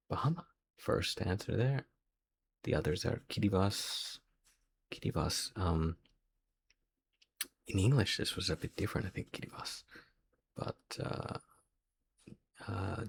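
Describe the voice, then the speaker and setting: Working through a quiz on video, the host mutters his guesses under his breath, sounding hesitant as he reasons aloud. His voice is low-pitched with noticeable vocal fry.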